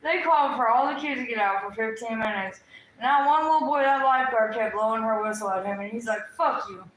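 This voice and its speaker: A woman's voice: a little high, fast, a little hiss or hum. Woman chatting casually in an echoey room. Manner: casual, calls her partner honey. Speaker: host's girlfriend. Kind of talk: casual chat.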